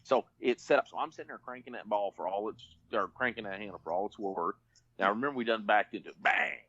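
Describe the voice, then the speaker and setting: A man's voice: on the low side, fast talker, fairly bright tone, breathy edge, no echo, highs cut off. A man telling a rambling, folksy story on a podcast, full of restarts. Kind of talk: casual storytelling.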